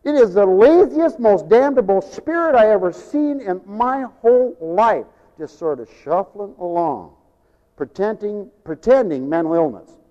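An older man preaching a sermon as pastor, telling folksy stories, acting out voices and rising to shouts. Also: high voice, expressive, measured pace. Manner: folksy storytelling, acts out voices, rises to shouting. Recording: dull lo-fi sound with long hall reverb.

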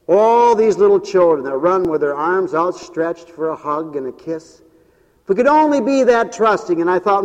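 A man's voice: fairly high pitch, animated, moderate pace, a little mellow, dull audio. A man preaching an emphatic sermon to a church congregation and a radio audience, calling out for responses. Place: church sanctuary. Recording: long hall reverb.

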